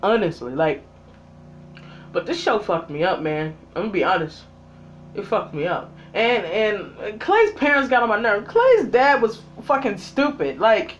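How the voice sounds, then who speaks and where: Vlogger, mid-pitched voice, profane angry rant, exasperated, loud outbursts and low muttered asides, faint hum in the background. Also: sing-song, moderate pace. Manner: heated and exasperated, heavy swearing, talks straight at the absent characters. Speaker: vlogger reviewing a TV series.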